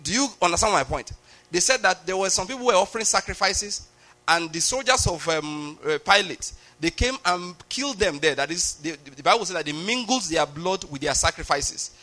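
Bright high-voiced male preacher. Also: animated, brisk. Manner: explanatory, keeps asking if listeners follow. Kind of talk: sermon.

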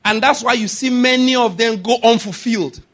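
A man preaching a sermon, laughing often and building to shouted declarations. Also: very high-pitched, a little fast.

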